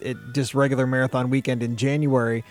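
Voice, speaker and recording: A man's voice: medium pitch, level tone, fast, faint music behind. A man co-hosting a podcast in casual chat, rambling with many restarts. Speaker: podcast co-host.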